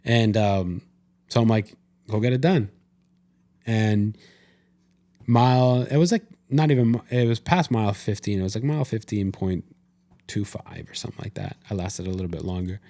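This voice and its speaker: A man's voice: on the low side, normal speed, warm tone. A man co-hosting a podcast, casually retelling an experience with lots of quoted self-talk and restarts. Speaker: podcast co-host. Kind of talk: casual conversation.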